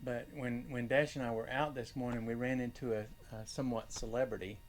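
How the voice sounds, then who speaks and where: An older man talks loosely and warmly off the cuff, trailing into fillers as he hunts for words. His pitch sits in an ordinary middle range. A faint hum runs underneath. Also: fairly even intonation. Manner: rambling, with many filler pauses. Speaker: channel host and reseller. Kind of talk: casual chat.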